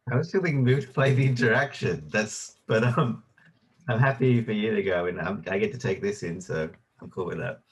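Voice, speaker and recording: A man sharing with a group, halting and searching for his words. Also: fairly low pitch, slightly rough. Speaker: workshop participant.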